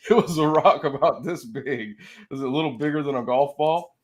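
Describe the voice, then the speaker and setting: A man casually telling a story, swearing freely, laughing between phrases, and swinging from loud to soft. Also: a little high, normal speed.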